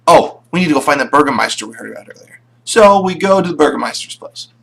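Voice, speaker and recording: A man's voice: a little high, expressive, fast talker, vocal fry, a bit bright, slightly rough. A man casually recapping his tabletop game sessions, rambling with plenty of fillers. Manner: rambling, full of fillers and restarts.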